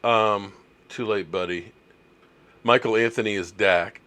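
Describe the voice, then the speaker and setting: A man's voice: lowish voice, unhurried, sharp tone. A middle-aged man, hosting a casual live stream, chatty and reading viewer comments aloud. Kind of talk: casual live stream chat about football.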